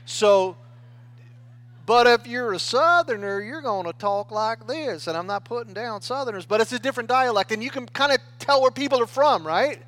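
High-voiced man preaching conversationally. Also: normal speed, a bit bright, dry recording. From United States. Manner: conversational preaching with frequent "right?" and restarts. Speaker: pastor. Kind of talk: sermon.

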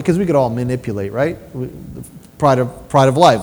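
A man preaching a sermon with personal testimony, telling stories in an animated way and asking rhetorical questions. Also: medium pitch, normal speed, slight background noise. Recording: long reverb of a large hall.

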